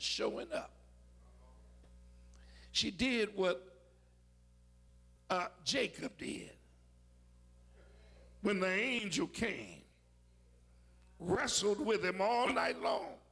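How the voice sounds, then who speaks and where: A man preaching a sermon, telling stories with dramatic shouted peaks. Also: high voice, creaky, husky.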